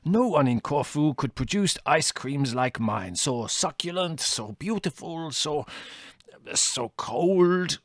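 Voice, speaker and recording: A theatrical café owner who wails out his woes in slow, drawn-out phrases, as a male narrator puts him on. His rides a high, swooping pitch. The recording is close and dry. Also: animated, no echo. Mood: wistful pride. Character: melodramatic Greek male café owner, despairing.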